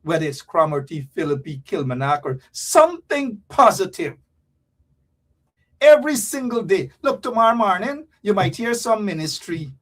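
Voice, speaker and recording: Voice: medium pitch, very animated, moderate pace, few pauses, fairly bright tone. A caller on a talk show, speaking in an exasperated way and repeating phrases for emphasis. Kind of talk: casual call-in talk.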